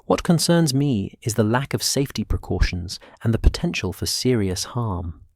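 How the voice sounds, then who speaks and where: A man's voice: on the low side, sing-song, normal speed, dry recording, studio quality. A man voicing a stern older female Scottish professor with a clipped, cold, commanding manner and a Scottish accent.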